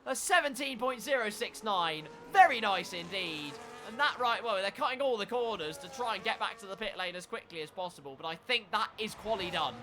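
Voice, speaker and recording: A man doing live commentary on an online sim race, lively and jokey, sometimes bursting into shouts. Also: high-pitched, fairly quick, few pauses. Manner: excitable, jokey, breaks into shouts.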